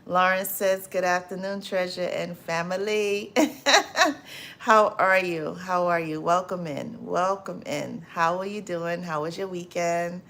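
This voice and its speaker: Woman hosting a live chat, lowish voice, slow easygoing talk, laughs loud a lot and says things over and over. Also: fairly even intonation, slight background noise. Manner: laughs loudly and often; repeats greetings and phrases. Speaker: livestream host. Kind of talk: casual livestream chat reading comments.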